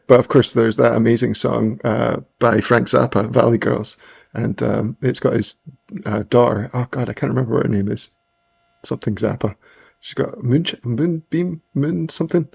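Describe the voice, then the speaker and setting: Setting up his music equipment on a live stream, this host from Scotland talks casually in a mild Scottish accent, rambling and frequently starting over. He speaks at medium pitch in a gravelly, slightly rough, somewhat mellow voice, with the high frequencies cut off.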